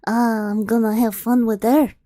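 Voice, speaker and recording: A woman's voice: a little high, level tone, moderate pace, mellow, dry recording, studio quality, lightly acted. A woman doing a gloating cruel ogre. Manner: menacing, taunting. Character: hulking green male ogre, cruel and gloating.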